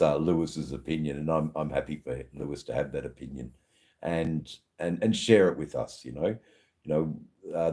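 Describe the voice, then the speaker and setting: A man's voice: extremely low pitch, warm tone. An Australian man hosting a live stream, chatting casually with viewers in a rambling way full of fillers and restarts. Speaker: livestream host.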